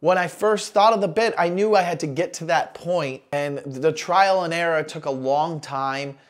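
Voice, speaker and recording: A man in his forties, a comedian talking casually about how one of his jokes was made, relaxed and conversational. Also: on the high side, moderate pace. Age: 40s. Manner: relaxed, conversational, with small restarts. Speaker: stand-up comedian. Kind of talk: casual talk explaining a joke.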